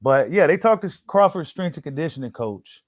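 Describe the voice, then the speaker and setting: Man, boxing channel host, casual slangy commentary, fairly high voice, dry close sound. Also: animated, fairly quick, no room sound. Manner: slangy, repeats himself, many fillers; reads an article aloud to viewers.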